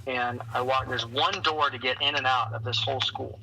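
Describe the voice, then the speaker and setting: A man being interviewed on a podcast as a leadership coach, telling lively stories and acting out the voices of the people in them. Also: medium pitch, normal speed, vocal fry, slight background noise, low-quality recording. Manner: energetic storyteller who acts out quoted voices. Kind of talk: conversational interview.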